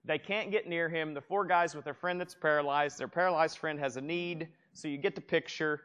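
Lively, animated male pastor. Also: on the high side, fairly quick, hardly any pauses, clean tone, highs cut off. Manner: animated, acts out gasps, restarts often. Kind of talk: sermon. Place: church room with a gathered congregation.

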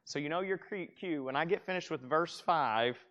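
A man's voice: fairly high pitch, moderate pace, highs cut off. A man preaching a sermon in a church room, reading scripture aloud and acting out gasps with frequent restarts. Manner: animated, acts out gasps, restarts often. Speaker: pastor. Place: church room with a gathered congregation.

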